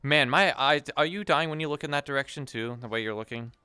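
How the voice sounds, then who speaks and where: Swearing roleplayer with a bright, crisp voice. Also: female voice, low voice, quick pace, dry recording. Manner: swears often, groans at a headache. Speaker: roleplayer running a shop. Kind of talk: casual in-character chat mixed with complaints about the game.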